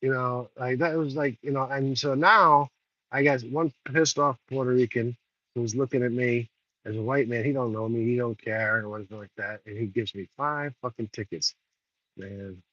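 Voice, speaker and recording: A middle-aged vlogger tells a story in a casual vlog, angry and swearing freely, while standing outdoors in the rain. His mid-range voice is bright and forceful, with fairly even intonation and a moderate pace. The recording sounds dull and lo-fi, with no room sound.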